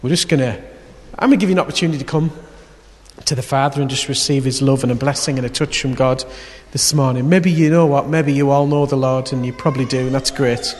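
A man preaching a sermon, telling a story and swinging between loud emphasis and quiet, intimate moments. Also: medium pitch, steady tone, fast talker. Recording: long hall reverb.

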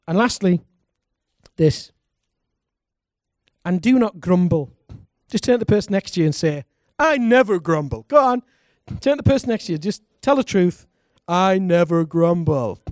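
A man, a pastor, preaching a lively sermon and calling on the congregation to respond. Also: sits high, moderate pace, long pauses, dry recording, studio quality. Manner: animated preaching, calls for congregation responses, laughs.

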